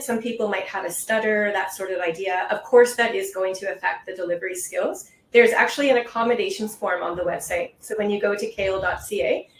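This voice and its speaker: The test-prep instructor's mid-range voice carries a slight background noise and a roomy echo as she fields questions on her webinar via video call. She stays patient and reassuring, explaining each answer carefully.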